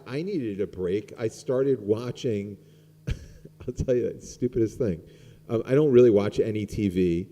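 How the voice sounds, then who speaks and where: A middle-aged rabbi talks through an informal sermon, loose and conversational, with plenty of "um" and "like". His voice sits low and is very dark and mellow. The sound rings out in a large, reverberant sanctuary. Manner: conversational, rambling with many fillers. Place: synagogue sanctuary. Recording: long hall reverb.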